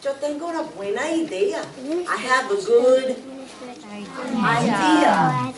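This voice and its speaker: A woman's voice: high voice, animated, slow, a loud crowd. Woman playing a cheerful mother mouse. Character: warm, playful mother mouse. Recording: echoey room recorded from far off.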